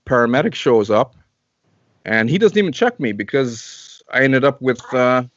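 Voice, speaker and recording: A man's voice: mid-range voice, very animated, normal speed, no room sound, lo-fi sound. A man from Canada, a guest in an interview, tells a long personal story in casual talk, repeating and restarting phrases as he goes.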